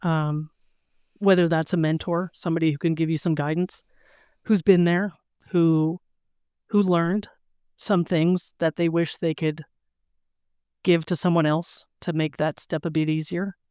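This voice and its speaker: A woman's voice: sits low, flat delivery, a little slow, pauses often, warm tone, clean tone, dry recording, clean studio sound. A middle-aged woman, an interview guest, telling stories casually and acting out quotes with animation. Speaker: interview guest, weightlifter and lawyer. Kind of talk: casual storytelling.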